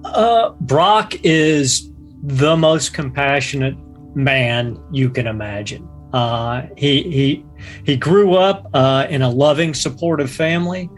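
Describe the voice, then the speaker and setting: A man's voice: medium pitch, slow, soft background music. Earnest man describing a character. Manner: earnest, with fillers. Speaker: player. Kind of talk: tabletop game chat.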